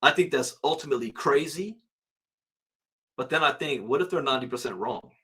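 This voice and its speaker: A man in a mid-range voice talks through market numbers in a relaxed, chatty way. He reads figures and news aloud, then drifts into musing asides of his own. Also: mid-range voice, fairly quick, breathy edge. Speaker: crypto channel host. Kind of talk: casual market commentary, reading headlines aloud.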